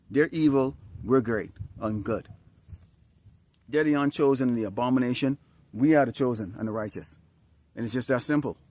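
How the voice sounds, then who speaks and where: Here a man with a medium-pitched, a little mellow voice preaches on the street, reading scripture as part of an outdoor sermon. His delivery is emphatic and repetitive, punctuated by short questions to listeners such as "Huh?" and "All right?". It's outside, dusty and slightly windy.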